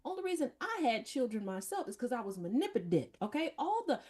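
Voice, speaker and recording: A woman with a husky, slightly breathy voice tells family stories in a casual chat. She sits a little above the usual pitch and swings widely up and down. She is blunt, profane and mocking. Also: big pitch swings, fairly quick, a little mellow. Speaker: podcast host.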